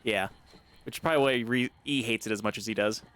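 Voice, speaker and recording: A man's voice: lowish voice, fast talker, background noise. A man playing a game while chatting casually, muttering to himself as he plays. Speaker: player in a let's play. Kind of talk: casual gaming chat.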